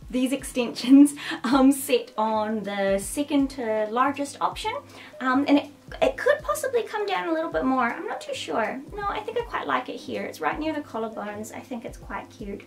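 A woman vlogger gushing excitedly over a new dress, with frequent gasps and giggles. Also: high-pitched, normal speed, vocal fry. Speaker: fashion vlogger. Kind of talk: casual unboxing show-and-tell. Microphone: camera mic a short way off. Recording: slightly distant mic, faint background music.

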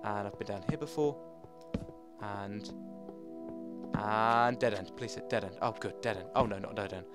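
A young man giving casual let's-play commentary, chatting to his pets and himself and jumping into high-pitched shouts. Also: moderate pace, long pauses, over music. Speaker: gaming channel host.

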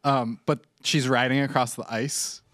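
In a studio-quality, dry recording, a culture-podcast co-host talks with a medium-pitched, level, slightly bright voice at an unhurried pace. His casual chat is full of fillers and frequent laughter while he describes things.

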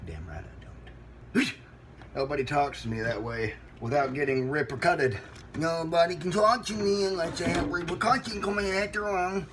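A man's voice: fairly high pitch, moderate pace, noisy background, natural voice. A man playing a touchy country man who washes dishes people mail him, swinging from whiny to threatening and swearing a lot. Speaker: host. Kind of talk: comedy sketch video.

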